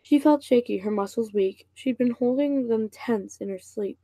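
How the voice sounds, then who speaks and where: A woman's voice: a little high, normal speed, mellow, dry recording, low-quality recording. A woman casually reading a novel aloud, stumbling and restarting over words now and then. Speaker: reader and channel host.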